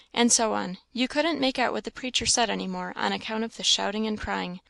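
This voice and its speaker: A woman narrating a classic novel as an audiobook, reading in a steady storytelling way. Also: mid-range voice, brisk, vocal fry, hardly any pauses, no echo.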